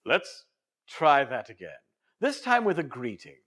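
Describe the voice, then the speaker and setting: A man's voice: a little high, big pitch swings, a little slow, fairly bright tone. A man in a put-on English accent narrating a training video in a playful, theatrical and emphatic way.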